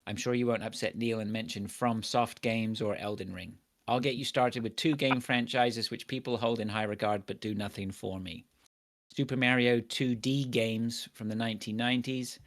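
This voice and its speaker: A man from Canada hosts a casual gaming podcast, joking and laughing through the chat. His pitch sits in the middle range and he swears freely. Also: fairly even intonation, moderate pace, a bit bright. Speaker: podcast host.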